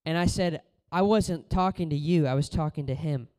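A man preaching a sermon in a casual, conversational way, telling stories and moving between loud exhortation and quiet, low moments. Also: fairly quick, hardly any pauses, clean tone.

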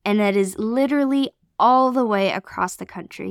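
A woman from Canada telling an emotional personal testimony as a podcast guest, earnest and excited. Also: mid-range voice, moderate pace, clean tone, dry recording, clean studio sound. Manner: earnest, excited storytelling with many fillers.

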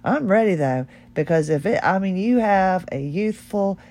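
A woman's voice: mid-range voice, lively intonation, moderate pace, darkish tone. A middle-aged woman hosting her own podcast, talking in a heartfelt, rambling and candid way. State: tearful. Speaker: podcast host. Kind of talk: personal podcast monologue.

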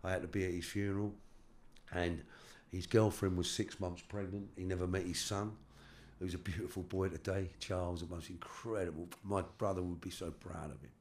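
A middle-aged London man with a very deep voice, telling his life story as an interview guest. He speaks haltingly and often stops to repeat his words. His talk is loose and full of street slang. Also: level tone, darkish tone, a little hiss or hum. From London, England.

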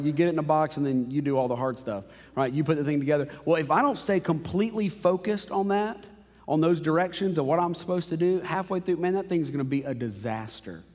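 Male pastor, 30s, slightly high voice, conversational and emotional sermon delivery, live church hall reverb. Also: a little mellow. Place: church auditorium.

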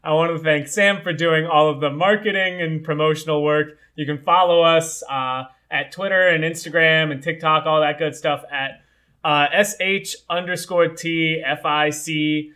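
Bright-voiced young podcast host. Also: male voice, a little high, steady tone, moderate pace. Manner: rambling, filler-heavy, upbeat. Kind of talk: casual podcast chat.

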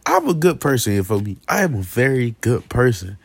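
His mid-range, husky voice swings widely in pitch at a moderate pace with few pauses. The young vlogger is ranting straight to camera, slangy and aggrieved, repeating himself and often asking the listener "you feel me."

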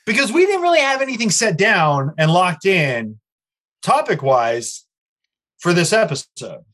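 A fairly high-voiced American man co-hosting a loose, foul-mouthed podcast. He reads news items aloud and breaks off into crude, animated rants between them. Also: measured pace. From United States. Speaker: podcast co-host. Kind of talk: casual profane podcast chat. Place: Los Angeles area.

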